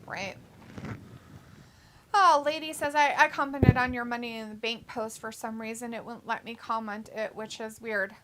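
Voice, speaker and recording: A woman's voice: a little high, fairly even intonation, normal speed, background noise. A woman co-hosting a wrestling watch-along live stream in casual chat, reading viewer comments aloud and reacting to them. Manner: chatty, reads chat messages then reacts.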